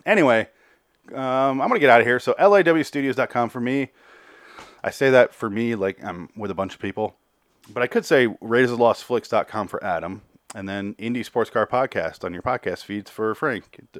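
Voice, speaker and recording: A man's voice: mid-range voice, a little fast, dry recording, clean studio sound. A man hosting a podcast, casually recapping and reviewing a TV episode, out of breath, profane and rambling. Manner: profane, rambling, repeats words when restarting. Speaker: podcast host.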